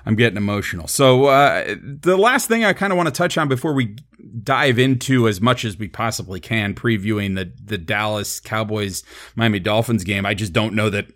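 A man's voice: lowish voice, moderate pace, a bit bright. A man co-hosting a sports podcast, chatting casually and firing off exasperated rhetorical questions. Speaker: podcast co-host.

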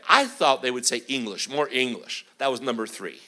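A middle-aged man preaches as a visiting guest, his animated, anecdote-rich sermon alternating between booming and quiet passages. The pace is moderate, with hardly any pauses.

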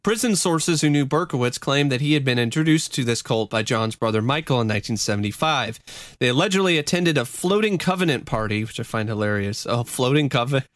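Smooth-voiced man, casual podcast banter. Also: medium pitch, expressive, fairly quick, fairly bright tone, no echo, studio quality. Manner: laughing, loose, swearing. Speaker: podcast co-host. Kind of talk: casual true-crime chat.

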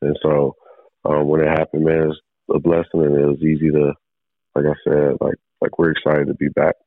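A man calling in as a football player guest, speaking haltingly with many fillers and restarts. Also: extremely low pitch, completely flat delivery, no echo. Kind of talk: casual phone interview. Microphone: phone call. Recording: tinny phone line.

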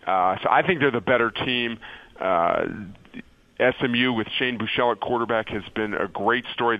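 A man analyzing college football as a radio guest, halting and restarting before settling on confident picks. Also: lowish voice, no room sound. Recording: dull, dry radio call-in audio.

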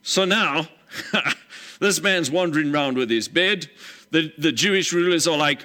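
Animated bright-voiced male pastor preaching. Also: fairly high pitch, unhurried. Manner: emphatic, animated storyteller, acts out scenes. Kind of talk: sermon.

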